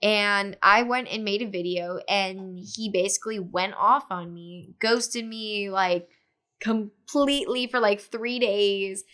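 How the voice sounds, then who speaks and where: Young woman, podcast guest, casual storytelling, filler-heavy, smooth clear voice. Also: mid-range voice, takes it slowly. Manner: animated retelling with many fillers, acting out others' lines.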